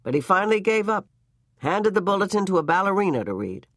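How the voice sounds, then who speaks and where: A reader narrating a short story in a measured, expressive way. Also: medium pitch, no room sound, clean studio sound. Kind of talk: story reading.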